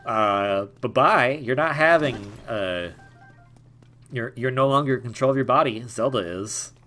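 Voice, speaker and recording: A man's voice: mid-range voice, unhurried, pushed and bright, soft background music. A young man giving casual, jokey let's-play commentary, rambling and stammering over repeated words. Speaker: gaming YouTuber.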